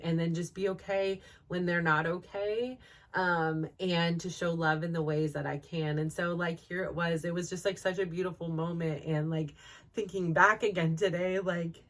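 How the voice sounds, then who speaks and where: A woman in her forties, a podcast host telling a personal story in a rambling way, full of fillers and laughing through tears at times. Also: on the low side. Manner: rambling, full of likes and you-knows.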